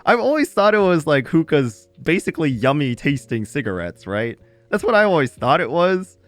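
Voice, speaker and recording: A man's voice: a little high, moderate pace, no echo, soft background music. A young man streaming, telling a casual story to his chat with lots of laughter and swearing. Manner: animated, laughs often, swears freely.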